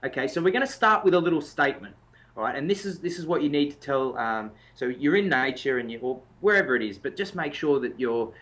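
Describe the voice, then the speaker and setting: A man's voice: medium pitch, lively intonation, fast, fairly bright tone. A man co-hosting a motivational podcast as a life coach, talking in an emphatic, coaching way and demonstrating intensity.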